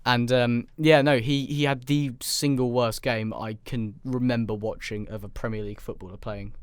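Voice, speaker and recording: A man co-hosts a casual football podcast, rambling and joking through his stories with lots of ums. His voice is smooth and clear. The recording is close and dry. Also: medium pitch, level tone, normal speed, dry recording. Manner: joking, rambling, with many fillers. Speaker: podcast co-host.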